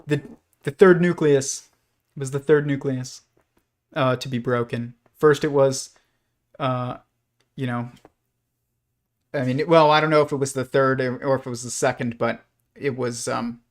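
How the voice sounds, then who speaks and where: A man's voice: medium pitch, fairly even intonation, a little slow, pauses often. A man hosting a livestream, talking through ideas in a rambling, hesitant way with many fillers and restarts. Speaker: livestream host. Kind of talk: casual livestream commentary.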